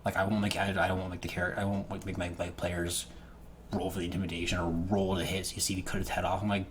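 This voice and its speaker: Low-voiced man, stumbling over restarts. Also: little pitch movement, quick pace, a little hiss or hum. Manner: stammering restarts, repeated words. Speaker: game master. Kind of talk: casual talk to camera.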